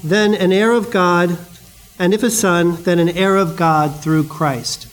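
A man's voice: sits high, steady tone, unhurried, low-quality recording. A male preacher giving a sermon in a conversational, storytelling way, with asides to the congregation.

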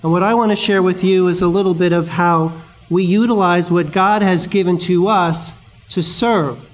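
A man's voice: high-pitched, steady tone, normal speed, rough recording. A male preacher giving a sermon in a conversational, storytelling way, with asides to the congregation.

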